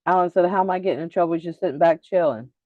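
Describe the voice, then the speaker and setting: A woman's voice: on the low side, rapid-fire, no room sound, narrow, tinny audio. A woman co-hosting a live stream, chatting casually with a playful, teasing manner. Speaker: co-host.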